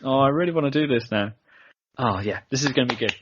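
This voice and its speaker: A British man chats as a guest on a podcast and jokes freely. His voice has a husky edge. The recording is dry and a little dull, without much room sound. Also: medium pitch, quick pace, no room sound. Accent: British English. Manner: jokey, playful. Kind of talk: casual podcast chat.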